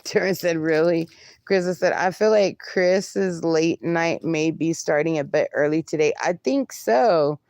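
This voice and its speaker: Slow, low-voiced woman reading live chat. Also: a little mellow, no echo. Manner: reads comments aloud and banters, laughs often. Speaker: livestreamer reading viewer chat. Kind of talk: casual live-stream chat.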